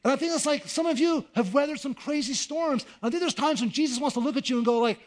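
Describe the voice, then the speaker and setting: High-voiced man preaching a sermon. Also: fast, hardly any pauses. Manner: conversational preaching, rising to animated emphasis. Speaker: pastor.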